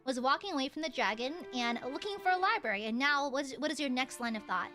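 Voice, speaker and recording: Young woman GM, high bright voice, lively swoops, playful giggly delivery. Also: quick pace, soft background music. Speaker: game master. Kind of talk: narrating a tabletop game on a voice call.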